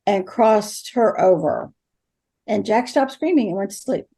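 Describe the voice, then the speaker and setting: A woman's voice: medium pitch, expressive, measured pace, dark tone, husky. An older woman, a guest in an interview, telling stories with animation and acting out the dialogue. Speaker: interview guest, ghost helper. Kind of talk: storytelling in an interview.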